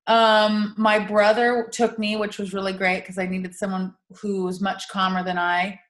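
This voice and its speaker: A woman's voice: medium pitch, moderate pace, echoey room. A woman telling a personal story in casual chat, laughing and acting out what people said. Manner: animated, laughing storytelling with voiced quotes.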